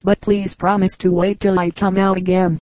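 A woman's voice: mid-range voice, level tone, darkish tone, dry recording, close to an everyday voice. Woman reading as a frank, chatty girl. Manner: candid, brisk and chatty. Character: lively, frank young English girl. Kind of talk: audiobook character reading.

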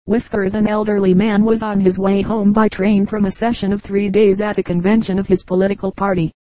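Mellow-voiced woman reading old anecdotes. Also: medium pitch, little pitch movement, fairly quick, hardly any pauses, no room sound, poor audio. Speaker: audiobook reader. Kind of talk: scripted narration of humorous anecdotes.

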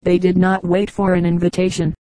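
Mellow-voiced woman reading fables. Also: on the low side, completely flat delivery, fairly quick, no echo, poor audio. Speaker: audiobook narrator. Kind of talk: scripted narration of fables.

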